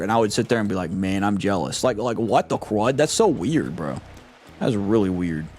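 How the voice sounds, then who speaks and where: A man's voice: lowish voice, darkish tone. A young man casually commenting while playing a video game, joking and rambling with lots of slang. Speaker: gaming streamer. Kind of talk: casual let's play commentary. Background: game music.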